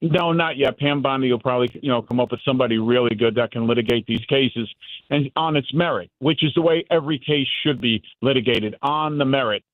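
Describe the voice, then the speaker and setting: A man's voice: mid-range voice, brisk, no echo, narrow, tinny audio. A man from New York, a former officer, giving heated political commentary as a radio guest, indignant and mocking opponents. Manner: indignant, mocks opponents with put-on quotes.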